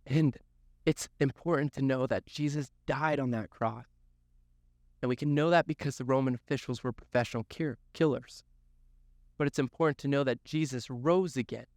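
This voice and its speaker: A man's voice: medium pitch, moderate pace, a little mellow, dry recording, studio quality. A man giving a youth sermon, telling the story earnestly, with lots of repetition for emphasis. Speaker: youth pastor.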